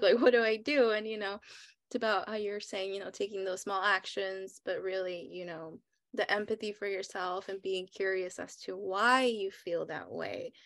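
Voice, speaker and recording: A woman's voice: medium pitch, fairly bright tone, dry recording, clean studio sound. A woman hosting a podcast interview, affirming her guest often and laughing readily in casual talk. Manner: encouraging, quick to laugh, frequent affirmations. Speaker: podcast host.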